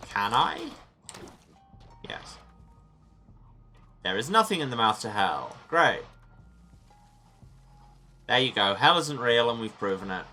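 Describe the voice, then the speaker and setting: A man's voice: medium pitch, very animated, takes it slowly, pauses often, bright, forceful tone, soft background music. A man hosting a let's play, giving chatty, self-mocking gaming commentary from a small sealed room and muttering to himself as he plays.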